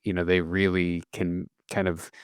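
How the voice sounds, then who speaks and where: A man's voice: deep voice, level tone, normal speed, clean tone, dry recording, clean studio sound. A man in his thirties, a nutrition coach, talking reflectively on a podcast with many restarts and fillers. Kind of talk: casual podcast chat.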